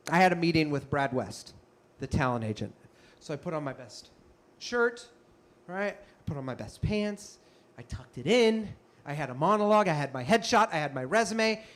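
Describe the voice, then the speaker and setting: A young man telling a comic story on stage, animated and self-mocking with quick asides. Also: a little high. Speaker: comedian and storyteller. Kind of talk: live stand-up storytelling.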